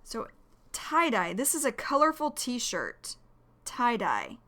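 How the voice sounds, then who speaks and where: A woman teaching English vocabulary, explaining each word slowly and carefully. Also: on the high side, wildly swooping pitch, bright, forceful tone. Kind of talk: vocabulary lesson.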